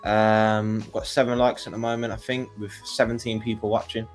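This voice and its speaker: A man's voice: on the low side, level tone, normal speed, soft background music. A man co-hosting a casual livestream, hesitant with lots of ums, thanking viewers. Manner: hesitant, many ums, calls people lad. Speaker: livestream co-host.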